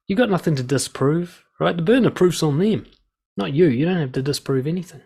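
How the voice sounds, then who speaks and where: A man's voice: on the high side, expressive, fairly quick, creaky, mellow, husky. A man coaching listeners in a direct advice monologue, blunt and swearing freely, acting out quoted lines. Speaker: dating and confidence coach.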